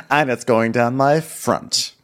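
A man's voice: mid-range voice, heavy background noise. A man co-hosting a casual recap chat, wry and teasing, often mimicking characters. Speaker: podcast co-host.

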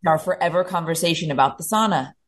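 Relaxed woman co-host chatting. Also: fairly low pitch, quick pace, slight background noise. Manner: relaxed listener, short agreeing replies. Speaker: podcast co-host. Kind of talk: casual chat.

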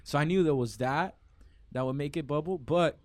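A man's voice: a little high, moderate pace, dry recording. A man from Miami, a podcast guest, telling stories in casual chat, cursing freely and mimicking other people's voices. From Miami, Florida. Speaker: podcast guest, event organizer.

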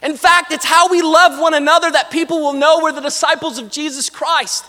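A man's voice: very high voice, fairly even intonation, brisk, sharp tone. A man pastor preaching a sermon in a church, talking to the congregation with casual asides. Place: church sanctuary. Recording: long hall reverb.

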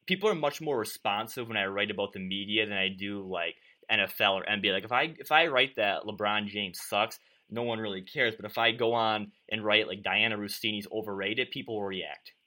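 A man's voice: on the low side, sharp tone. A man hosting a sports media podcast, chatty and self-deprecating, interviewing a guest.

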